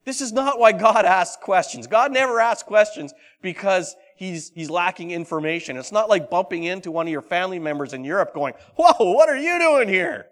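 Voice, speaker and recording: A man preaching a sermon. He reads scripture aloud dramatically and keeps asking the congregation questions, swinging between loud and hushed delivery. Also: high-pitched, brisk, few pauses. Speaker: pastor.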